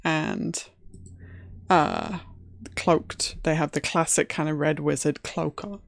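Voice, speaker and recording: A woman narrating as dungeon master in a relaxed, hesitant way with many pauses. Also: deep voice, vocal fry, dry recording. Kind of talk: narrating a tabletop game.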